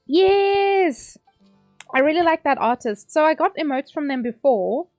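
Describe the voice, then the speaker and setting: A woman's voice: high voice, expressive, unhurried, a little mellow, dry recording, faint music behind. A woman with a South African accent, chatting casually and rambling with frequent laughs while she streams a game from home. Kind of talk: casual chat while playing.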